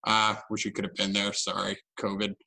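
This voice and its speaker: A man's voice: fairly low pitch, monotone, fairly quick, gravelly, bright, forceful tone, poor audio. A young man co-hosting a podcast, telling a story in a casual, self-mocking way. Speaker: podcast co-host. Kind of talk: casual chat.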